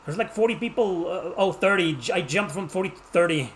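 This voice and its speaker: A man's voice: high voice, lively intonation, a little fast, few pauses. Mexican man doing casual game commentary. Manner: casual, joking, teases the game's characters. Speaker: game streamer. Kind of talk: live gameplay commentary.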